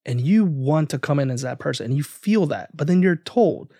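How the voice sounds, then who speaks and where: A man co-hosting a podcast, talking in an animated, emphatic way. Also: a little high, normal speed, husky, no echo. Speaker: podcast co-host. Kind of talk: casual podcast discussion.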